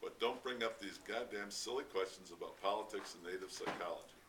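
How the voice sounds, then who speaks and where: A man voicing a gruff older American construction engineer who speaks bluntly and swears impatiently, read from a distance with faint noise. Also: sits low, fairly quick, natural voice. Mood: exasperated.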